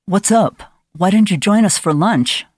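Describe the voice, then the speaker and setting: A woman voicing a blunt, down-to-earth young woman with a low, muffled way of talking, in an audiobook reading. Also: measured pace, darkish tone, no echo, clean studio sound, natural voice.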